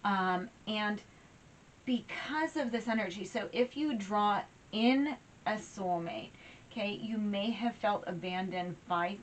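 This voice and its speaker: A woman's voice: medium pitch, takes it slowly, a little hiss or hum, low-quality recording. A woman giving a casual, chatty tarot reading, emotional and a little teary, with lots of fillers and restarts. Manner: chatty and warm-hearted, many fillers and restarts. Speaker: tarot reader.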